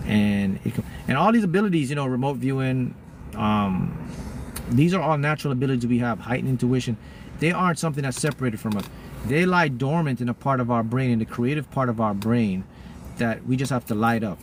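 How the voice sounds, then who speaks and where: A man's voice: mid-range voice, expressive, a little fast, a little hiss or hum. A man talking casually to his viewers as a spiritual mentor, rambling and often breaking off to restart his sentences.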